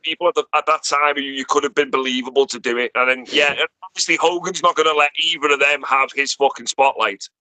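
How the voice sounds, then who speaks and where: Bright, sharp-voiced man. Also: mid-range voice, quick pace, hardly any pauses, poor audio. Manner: animated, sweary, hyperbolic. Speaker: podcast guest. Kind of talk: casual chat.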